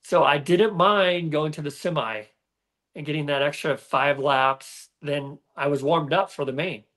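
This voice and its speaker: Rambling middle-aged man, higher voice. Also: unhurried. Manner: relaxed and rambling, with many fillers and restarts. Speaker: guest, former motocross racer. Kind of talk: casual podcast conversation.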